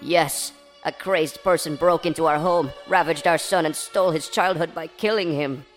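Dude doing a raised-pitch weepy mom voice, all melodramatic and earnest. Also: male voice, normal speed, soft background music, close to an everyday voice. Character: grieving mother, sweet and tearful.

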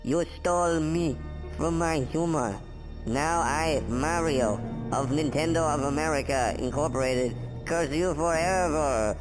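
Guy putting on a slow creepy cursed ghost plumber, kinda high and drawn out, music clear behind it. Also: close to an everyday voice, rough recording. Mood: menacing. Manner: slow, soft, creepy delivery.

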